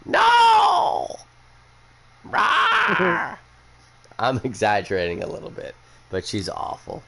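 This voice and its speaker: A man's voice: low-pitched, moderate pace. A young man hosting a casual chat, who rambles bluntly and swears a lot after a few drinks. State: has been drinking. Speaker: podcast host.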